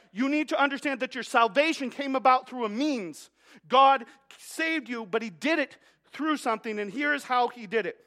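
A male pastor delivering a sermon in a very high, bright, forceful voice. He presses his points with rhetorical questions and repeated lines. He sometimes trips over a word and restarts. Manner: emphatic, with rhetorical questions and repetition; stumbles and restarts mid-phrase.

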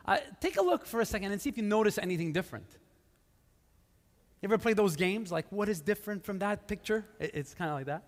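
In a reverberant live church hall, a male pastor with a high voice and lively intonation preaches at a quick pace. The sermon is casual and conversational, scattered with fillers and restarts.

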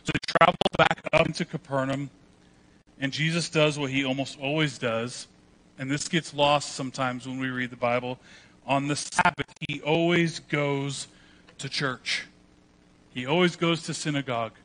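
Bright-voiced man preaching a lively sermon. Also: medium pitch, normal speed. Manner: animated preaching, acts out quoted voices. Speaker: pastor.

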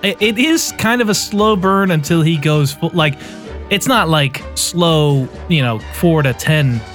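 Halting, chatty podcast man. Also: on the high side, a bit bright, faint music behind. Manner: halting, many restarts and fillers, laughs often. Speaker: podcast co-host. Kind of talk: casual chat about a movie.

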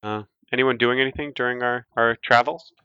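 A man's voice: mid-range voice, fairly even intonation, a little fast, clear, resonant tone, dry recording, highs cut off. A man running a tabletop game as game master, narrating in a casual, rambling way.

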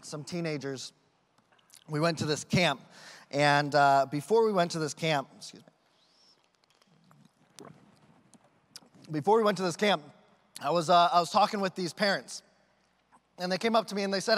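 High-voiced pastor preaching in a reverberant hall. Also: male voice. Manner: animated storytelling with acted quotes. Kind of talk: sermon.

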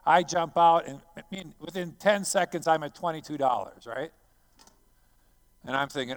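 A man who is a missionary preacher, telling a personal story as a sermon. He talks dramatically, swinging from hushed to loud. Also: on the high side, fairly even intonation, normal speed, clear, resonant tone.

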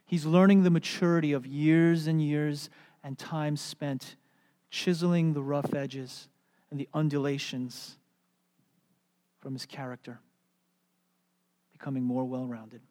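A pastor preaching a sermon, animated and storytelling, then going soft and hushed. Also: medium pitch, measured pace, pauses often, big-room sound. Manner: animated storytelling, drops to soft hushed tones for quoted words.

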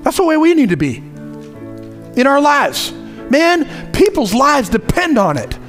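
A man preaching with a high, lively voice that climbs and drops all through. His delivery is conversational and animated, and he acts out little asides as he goes. Faint music plays underneath. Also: unhurried. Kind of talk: sermon.

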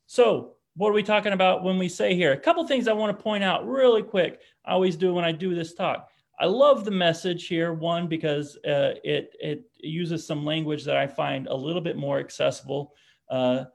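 A man's voice: a little high, vocal fry. A man giving an informal talk on disability and faith, speaking casually with frequent restarts and tag questions. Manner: casual, restarts often, tags lines with "right?".

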